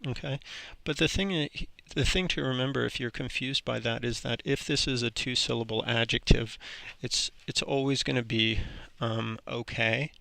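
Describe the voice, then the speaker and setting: A man with a very gravelly, bright voice teaches an English grammar lesson. He talks in a relaxed, halting way, full of ums and restarts. The recording is dry and close. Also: mid-range voice, no room sound.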